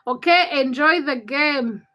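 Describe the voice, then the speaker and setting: Ugandan woman, livestream host, high bright voice, chatty and teasing with her chat. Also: poor audio. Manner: chatty and teasing, quick comebacks to viewers. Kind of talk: casual live-chat stream, reading and answering viewer comments.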